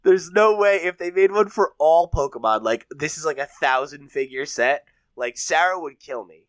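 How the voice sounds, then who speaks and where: A man co-hosting a casual gaming podcast, jokey and quick to swear and laugh. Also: on the high side, animated, fairly bright tone, dry recording. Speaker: podcast co-host leading the news segment.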